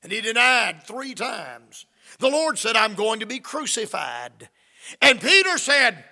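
A man's voice: very high-pitched, very animated, slow pace, gravelly, pushed and bright, in a large hall. A man preaching a fervent sermon, reading scripture and acting out the quoted lines.

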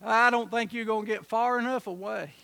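A preacher with a strikingly high, bright voice delivers a homespun sermon. He drops to soft asides, then rises to ringing shouts. His twang and rough grammar give it a country church feel. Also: fairly even intonation, fairly quick.

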